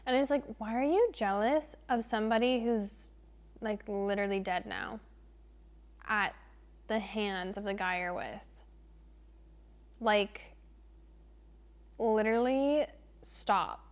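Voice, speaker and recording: A young woman vlogger chatting casually through a book review, animated and exasperated, leaning hard on "literally" and "like.". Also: medium pitch, slow, long pauses. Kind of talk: casual spoiler-free book review chat.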